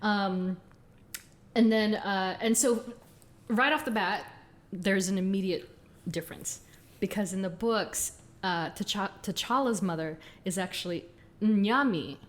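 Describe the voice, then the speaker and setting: A woman co-hosting a podcast in casual chat, chatty and quick to laugh as she runs through details. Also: mid-range voice. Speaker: podcast co-host.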